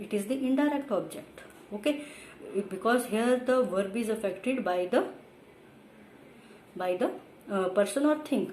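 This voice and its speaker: A woman's voice: a little high, normal speed, slight background noise. Echoey woman teaching grammar. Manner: reads definitions, then explains with fillers and repeats. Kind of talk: explaining a grammar glossary.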